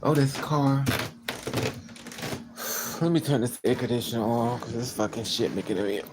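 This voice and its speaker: A woman's voice: a bass voice, moderate pace, background noise. A woman chatting casually on a live stream from her car, telling stories and quoting people in raised voices. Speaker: vlogger.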